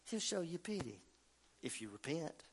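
A man preaching a fervent sermon, swinging between quiet talk and shouting. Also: a little high, sing-song, normal speed, breathy edge. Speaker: pastor.

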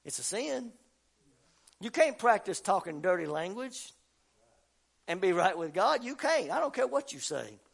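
A man preaching a fervent sermon, swinging between quiet talk and shouting. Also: high voice, big pitch swings, unhurried, creaky, long pauses, slightly rough. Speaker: pastor.

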